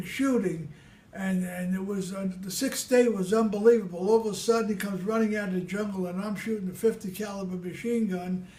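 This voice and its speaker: Older new guy rambling through old war stories, kinda high voice, echoey room. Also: darkish tone. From Brooklyn, New York. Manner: rambling and repetitive, with many restarts. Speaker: veteran telling his war stories. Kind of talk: casual spoken storytelling.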